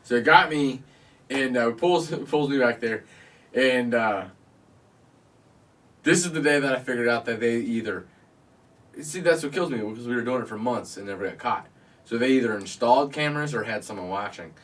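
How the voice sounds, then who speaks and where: A man's voice: mid-range voice, moderate pace, pauses often, fairly bright tone, distant mic. A man hosting a podcast, telling a crude story from his youth in casual chat, swearing and laughing often. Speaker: podcast host.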